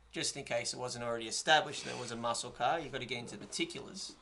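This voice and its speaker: A man's voice: mid-range voice, quick pace, creaky, pushed and bright, slight background noise. A man hosting a casual podcast chat, full of ums and dry sarcasm. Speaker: podcast host.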